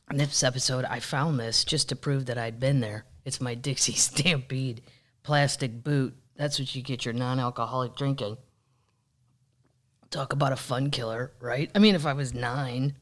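A vlog host in casual chat, talking in a rambling, sarcastic way with plenty of dry asides. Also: medium pitch. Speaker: vlogger host.

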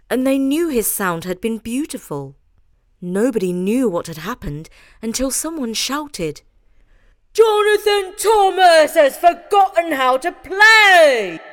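A woman host reads a children's story aloud, slow and deliberate. Her pitch swings widely as she tells it. The recording is dry and close. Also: no echo. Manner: expressive, animated. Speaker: host reading children's stories.

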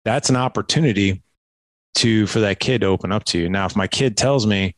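A man guest on a podcast, telling parenting stories in an animated way and acting out talks with his kids, with a lot of "like" and "right?". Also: lowish voice, brisk, no room sound. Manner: animated storytelling, acts out dialogue with his kids; filler-heavy, frequent "like" and "right?". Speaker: podcast guest, dad coach. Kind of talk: conversational interview.

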